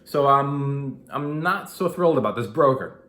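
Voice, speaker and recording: A man in his thirties telling a personal investing story in a casual vlog, animated and acting out what people said. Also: medium pitch, a little slow. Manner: animated, acts out quoted dialogue. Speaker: investing vlogger. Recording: echoey room.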